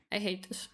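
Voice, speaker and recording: A woman's voice: fairly bright tone, slight background noise. A woman streamer giving casual gameplay commentary, with playful, exasperated asides while reading game dialogue aloud. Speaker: gaming streamer.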